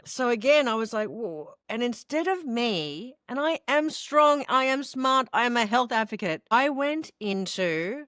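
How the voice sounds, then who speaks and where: A woman's voice: fairly high pitch, moderate pace, hardly any pauses, no echo, studio quality. A middle-aged woman with an Australian accent, telling her own story candidly as an interview guest and acting out the voices of people she quotes. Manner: expressive, acts out quoted voices, laughs while telling.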